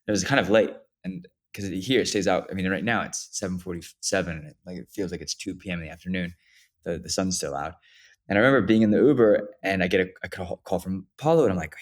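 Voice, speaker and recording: A young man co-hosting a podcast who tells stories in an animated way, acting out what people said. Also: deep voice, quick pace. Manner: animated storyteller, acts out quotes. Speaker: podcast co-host. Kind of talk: casual podcast conversation.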